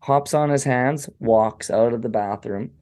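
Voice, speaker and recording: A man's voice: medium pitch, a little mellow. A man co-hosting a podcast, recapping a horror film in a loose, crude, joking way and briefly acting out the characters' lines. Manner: loose, crude storytelling with quick acted-out quotes. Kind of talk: casual profane film recap.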